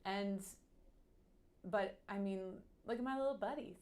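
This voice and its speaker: A woman, candidly telling a personal story in a halting, animated way full of restarts. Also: medium pitch, slight background noise. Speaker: guest.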